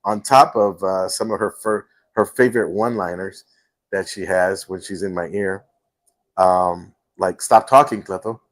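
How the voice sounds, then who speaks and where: A man's voice: low voice, little pitch movement, a little slow. A man hosting a casual livestream from home, telling stories with many fillers. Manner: rambling storyteller, many fillers. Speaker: host.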